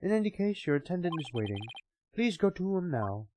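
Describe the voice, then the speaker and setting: A woman voicing a formal, fussy old male butler who speaks slowly and primly, reading game dialogue aloud on a livestream. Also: fairly low pitch, big pitch swings, warm tone, slight background noise. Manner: slow, prim, formal. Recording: game music playing behind.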